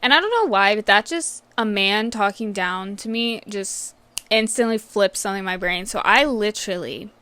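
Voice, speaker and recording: A woman podcast host venting about her workday in a loose, casual rant. She swears freely and talks at a middle pitch. Her voice sits dry and close, with almost no room sound. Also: normal speed, sharp tone, dry recording. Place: vet clinic worker telling work stories.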